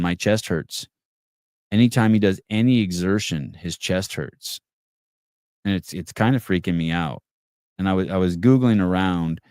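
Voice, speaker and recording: A man's voice: sits low, darkish tone, no room sound, studio quality. A man hosting a live call-in podcast, talking bluntly and with a lot of swearing, restarting his words often and reading viewer comments aloud. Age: adult with children. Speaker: podcast host.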